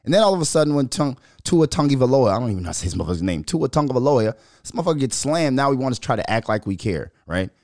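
A male podcast host rants about sports with a lively voice that swoops up and down. He swears a lot, laughs often and turns loud when he gets worked up. The sound is dry and close. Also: medium pitch, very fast, hardly any pauses, dry recording. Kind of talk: casual profane sports commentary.

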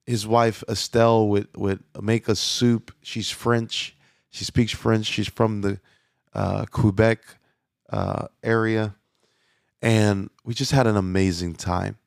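Gravelly-voiced preaching pastor, dry sound. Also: male voice, on the low side, no echo. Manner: conversational preaching with many restarts and fillers. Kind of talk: sermon.

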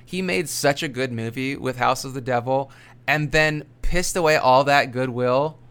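A man's voice: mid-range voice, moderate pace, a bit bright, clear, resonant tone. A man co-hosting a podcast in casual chat, blunt and emphatic, swearing freely. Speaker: podcast co-host.

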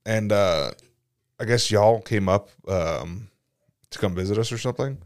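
A young man with a deep baritone voice, chatting casually as a podcast co-host, laid-back and quick to laugh. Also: no room sound, studio quality. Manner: laid-back, laughs often, tells stories with acted quotes. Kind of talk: casual chat.

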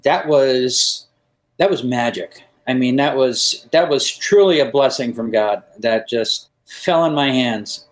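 A man's voice: mid-range voice, slow, poor audio. A man, a pianist guest, talking with enthusiasm on a podcast, often restarting his sentences. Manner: enthusiastic, frequent stammered restarts. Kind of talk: conversational podcast interview.

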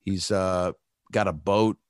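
A man's voice: low voice, fairly even intonation, slow, clear, resonant tone, no echo, studio quality. A man guesting as a comedian on a podcast, riffing loosely in casual chat with plenty of profanity and fillers.

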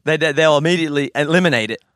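Podcast guest: opinionated South Carolina Southern man, bright, higher-pitched voice. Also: racing, a little hiss or hum. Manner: opinionated, ranting. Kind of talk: casual chat.

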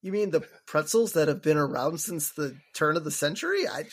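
A man's voice: fairly high pitch, lively intonation, a little fast. A man from Wisconsin co-hosting a podcast in casual chat, blunt and swearing freely, laughing often. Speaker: podcast co-host.

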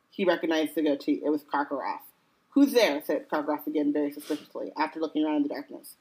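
A woman with a low, deep voice reads a book aloud in an easygoing way. She drops into chatty, joking asides and fills her talk with "like" and "um". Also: a little mellow, low-quality recording. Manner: chatty, jokey asides with lots of "like" and "um". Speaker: podcast co-host reading aloud. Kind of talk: casual chat and book read-aloud.

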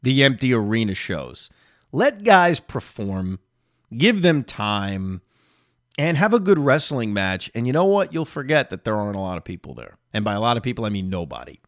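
A man hosts a solo reaction podcast, animated and opinionated, addressing his listeners directly despite a lingering cough. His voice is mid-range at a moderate pace, recorded in clean studio sound without echo.

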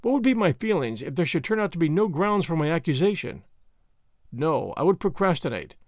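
A man narrating a first-person story in an expressive, measured way. His voice rides high and moves animatedly through each sentence. The sound is close and dry. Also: no echo. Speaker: audiobook narrator.

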